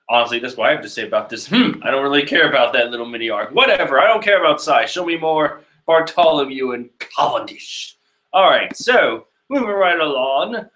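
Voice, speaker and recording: Young guy rambling casually about a comic, bright voice, echoey room. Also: on the high side. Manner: chatty, rambling, with frequent fillers. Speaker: manga reaction host. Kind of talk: casual reading and reacting.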